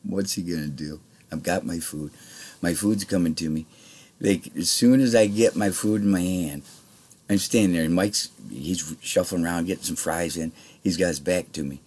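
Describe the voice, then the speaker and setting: A man's voice: sits low, moderate pace, a little mellow, husky. A man telling a rambling, heated story in casual speech, swearing freely. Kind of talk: casual spoken anecdote.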